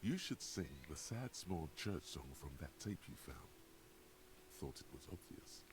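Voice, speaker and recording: A man voicing a wry, dramatic inner narrator in a video game, speaking in slow, grave storytelling tones with dry irony. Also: sing-song, noisy background. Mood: coaxing. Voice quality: deep, gravelly.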